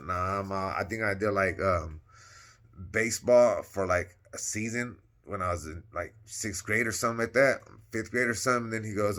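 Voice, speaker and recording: A man telling his own story in a casual, slangy, rambling way, acting out the dialogue as he goes. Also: fairly low pitch. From Northern California. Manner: slangy, rambling, animated retelling with quoted dialogue.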